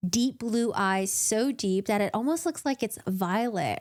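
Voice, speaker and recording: A young adult woman vlogger recapping a book in a chatty, animated way, with asides. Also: mid-range voice, a little slow, few pauses.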